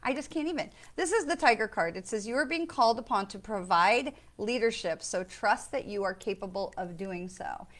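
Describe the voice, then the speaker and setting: A woman's voice: medium pitch, moderate pace, few pauses, fairly bright tone. A middle-aged woman, a psychic medium, talking casually and enthusiastically to her listeners and often checking in with them. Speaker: psychic medium hosting a weekly live. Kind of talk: casual spiritual talk with card readings.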